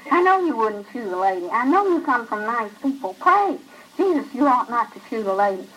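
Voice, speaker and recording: A frightened old grandmother pleads in a high, strained, breathless voice, as a woman reader puts her on. Her words come out loud and quick. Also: very animated, a little hiss or hum, rough recording. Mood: pleading.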